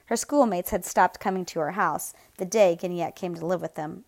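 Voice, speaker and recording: A woman reading an audiobook in a measured, even storytelling manner. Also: lowish voice, vocal fry. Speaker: audiobook narrator. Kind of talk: scripted narration.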